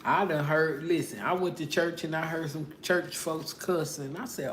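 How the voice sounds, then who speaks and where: In an echoey room with a little background noise, a middle-aged tarot reader talks at a moderate pace in a deep voice. Her casual reading is blunt and full of profanity, broken up by frequent laughter.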